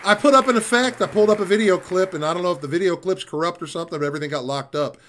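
Open mic host, male, high voice, loose and profane banter. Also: rapid-fire, fairly bright tone, a little hiss or hum. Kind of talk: casual hosting banter.

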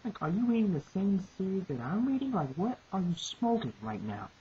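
A woman's voice: medium pitch, sing-song, a little fast, dark tone. A woman giving profane, repetitive, exasperated ranting commentary on a comic chapter. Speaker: manga reviewer. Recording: muffled lo-fi recording with hiss.

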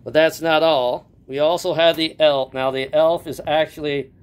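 A man hosting his own doll channel, announcing slowly and deliberately with lots of repetition. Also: on the high side, steady tone, clean tone. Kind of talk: casual video narration.

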